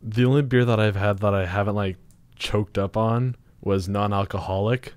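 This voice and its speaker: A man's voice: fairly low pitch, steady tone, normal speed, a little mellow, no echo. A young college-age man co-hosting a casual radio show, teasing his co-host with short quips and frequent laughs. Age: young adult.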